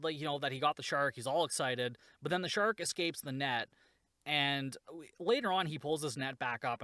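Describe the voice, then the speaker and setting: A man's voice: mid-range voice, a bit bright, dry recording, clean studio sound. A man hosting a podcast, casually recapping a shark movie with sarcasm, swearing and lots of "like.".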